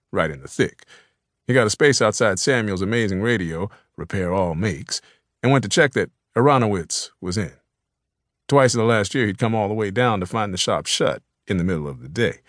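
The narrator is a man with a fairly low voice, telling an audiobook story in a steady, measured way from a script. Sound is clean studio audio without echo.

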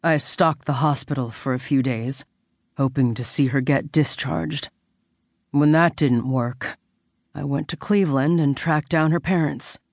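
A woman narrator voicing a guarded tattooed man with a low, gravelly voice in an audiobook. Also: a little slow, a little mellow, no echo. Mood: earnest.

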